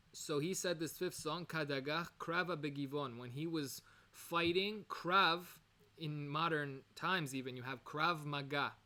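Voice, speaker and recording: A man's voice: a little high, fairly bright tone. A man giving an informal recorded lesson, explaining Hebrew words in English, digressing often and correcting himself. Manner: digressive, with many fillers and self-corrections. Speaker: Torah teacher.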